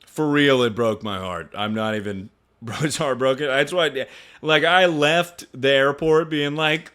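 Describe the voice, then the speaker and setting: A young male streamer telling a story to his chat in casual talk, swearing freely and sounding incredulous. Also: measured pace. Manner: animated, incredulous, swears freely, jumps to high pitch when mocking.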